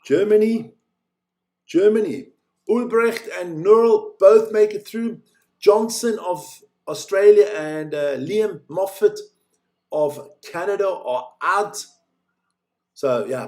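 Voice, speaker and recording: Excitable higher-voiced male race commentator. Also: takes it slowly. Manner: chatty, joking, excitable during races. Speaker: live watch-along commentator. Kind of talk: casual live race commentary.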